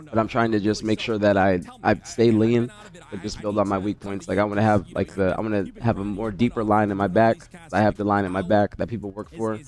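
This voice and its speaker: A male streamer chats loosely through a watch party, rambling and calling out his viewers by name. His voice sits a little low and sounds congested from a recent cold. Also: a little fast. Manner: relaxed, rambling, talks to chat by name. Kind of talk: casual stream chat reading chat messages.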